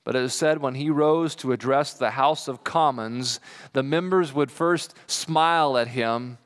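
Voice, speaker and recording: A man preaching a sermon as pastor, animated, acting out quoted voices with big jumps in pitch. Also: measured pace, in a large hall. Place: church sanctuary.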